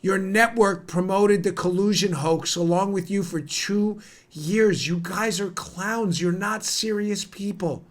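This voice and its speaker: A man's voice: high voice, unhurried. A man hosting a podcast, delivering heated, sarcastic political commentary straight to his listeners. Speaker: podcast host.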